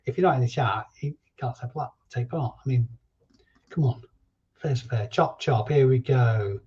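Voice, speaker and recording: A man's voice: mid-range voice, normal speed, a little mellow, highs cut off. A man hosting a casual live stream, chatty and jokey as he reads out viewers' names. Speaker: reseller livestream host.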